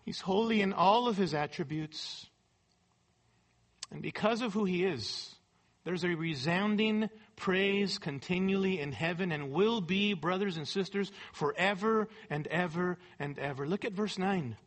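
A man's voice: high voice, unhurried. A man preaching a sermon, explaining scripture verse by verse and repeating phrases for emphasis. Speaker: pastor.

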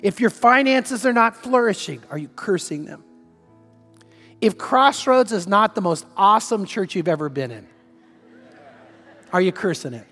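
A man's voice: high-pitched, animated, moderate pace, pauses often, pushed and bright, big-room sound, faint music behind. A man preaching as pastor, telling stories conversationally and asking repeated rhetorical questions. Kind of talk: sermon.

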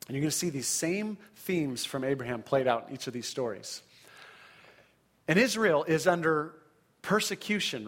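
A man delivering a sermon in a somewhat high voice. He reads scripture aloud with dramatic emphasis and keeps checking in with listeners by asking "right?". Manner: animated preaching, frequent "right?" check-ins, dramatic scripture reading. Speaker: pastor.

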